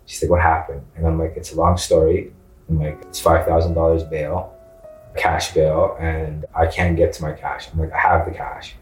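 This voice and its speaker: A man with a low voice tells his story casually, acting out dialogue with plenty of fillers. He sounds set back from the mic in an echoey room. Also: flat delivery, moderate pace, faint music behind. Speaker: interview guest telling his story. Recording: roomy, distant mic.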